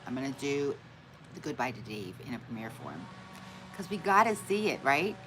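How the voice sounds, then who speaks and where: Chatty low-voiced woman live-streaming. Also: very animated, normal speed, music in the background, low-quality recording. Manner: chatty, reads out viewer comments and greets viewers by name; self-deprecating, laughs at her own forgetfulness. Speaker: livestream host. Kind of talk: casual live-stream chat.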